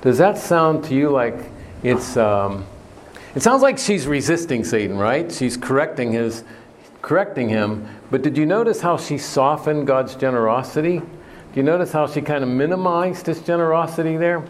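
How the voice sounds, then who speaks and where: A man's voice: fairly high pitch, animated, moderate pace, a little hiss or hum. A man preaching a sermon, earnest and emphatic, often putting questions to his listeners. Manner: earnest, questioning the audience, emphatic on key words.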